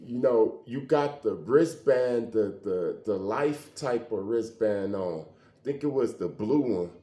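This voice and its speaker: A man telling a personal story in a casual, animated way, often acting out the dialogue. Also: fairly low pitch, takes it slowly. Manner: animated, conversational, acts out quoted dialogue. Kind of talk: emotional storytelling monologue. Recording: roomy echo.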